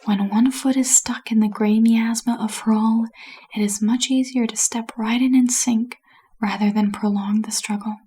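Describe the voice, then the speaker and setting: A woman reading a bedtime story aloud as a whispered role-play, soft and unhurried. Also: on the high side, steady tone, slight background noise.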